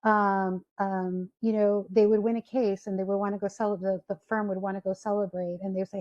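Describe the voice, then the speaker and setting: Woman, career talk, storytelling, acted-out quotes, warm tone, muffled call audio. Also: mid-range voice, a little fast, hardly any pauses. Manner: storytelling, animated quoted voices. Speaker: speaker. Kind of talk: career talk to an online audience.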